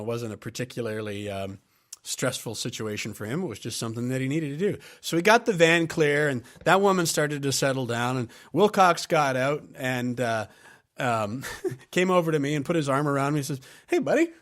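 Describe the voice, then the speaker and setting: Man, podcast host, storytelling monologue, relaxed, anecdotal, mid-pitched voice. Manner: relaxed, anecdotal, laughs while telling.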